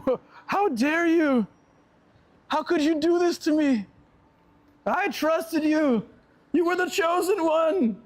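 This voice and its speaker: A man's voice: very high voice, dry recording, pitched above the performer's own voice. A man mimicking a fussy, dramatic teenage girl. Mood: mock outrage. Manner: mocking, exaggerated, drawn-out.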